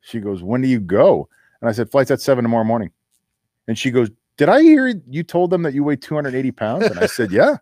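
A man's voice: medium pitch, big pitch swings, a little fast, a little mellow, no echo, studio quality. A middle-aged man, a former football player, telling a story in a casual interview and acting out the voices he quotes.

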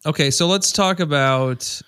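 A man's voice: a little high, a little slow, fairly bright tone, smooth, no echo, studio quality. A man hosting a casual sports podcast with laid-back, jokey banter. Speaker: podcast host.

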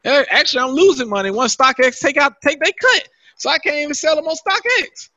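A man's voice: extremely high pitch, fairly quick, no room sound, lo-fi sound. A man co-hosting a podcast, telling a long, heavily profane rant in casual chat and acting out what people said to him. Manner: animated, swears constantly, acts out his own quotes. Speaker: podcast co-host.

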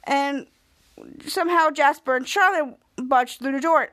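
A woman's voice: high voice, unhurried, a bit bright. A woman podcast host casually recapping a TV episode, retelling the plot with chatty "he's like" quoting.

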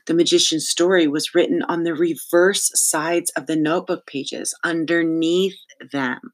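An audiobook narrator reading a children's novel in an even, storytelling manner. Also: mid-range voice, unhurried. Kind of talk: scripted narration.

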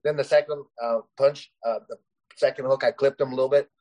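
A man's voice: mid-range voice, fairly even intonation, brisk, dull audio. A man, a professional fighter, telling stories in a casual interview, rambling and full of fillers. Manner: rambling, heavy with "you know" and "uh" fillers.

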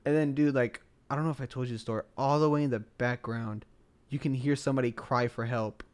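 A man's voice: mid-range voice, fairly even intonation, brisk, a little mellow, clean tone. A young man from the United States co-hosting a podcast. He tells a story in casual chat, rambling, repeating himself and saying "like" a lot. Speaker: podcast co-host.

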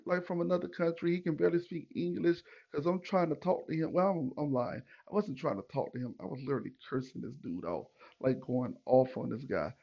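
Gravelly man telling a story. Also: on the high side, a little fast, few pauses, lo-fi sound. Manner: animated, profane, retells with acted quotes. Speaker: podcast host. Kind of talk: casual storytelling monologue.

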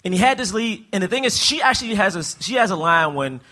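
A man's voice: sits high, animated, fast, sharp tone. A man co-hosting a live movie review podcast, playful and mock-defensive as he argues his point. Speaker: podcast co-host. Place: live show venue with audience.

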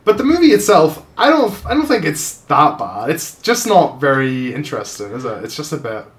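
A man's voice: on the high side, big pitch swings, moderate pace. A man, co-hosting a podcast in loose, joking casual chat and swearing freely. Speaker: podcast co-host.

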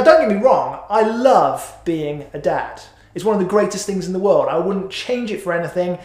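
A man's voice: high voice, darkish tone. A middle-aged man preaching a sermon in a church, chatty and self-mocking, with many "uh"s. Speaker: pastor. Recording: echoey hall.

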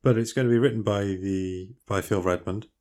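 Laid-back podcast co-host. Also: male voice, on the low side, steady tone, normal speed, a little mellow. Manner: laid-back, short dry replies. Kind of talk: casual film-news chat.

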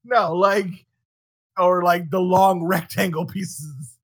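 A man hosting a podcast in casual chat, animated, swearing freely and laughing often. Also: high-pitched, takes it slowly, dry recording. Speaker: podcast host.

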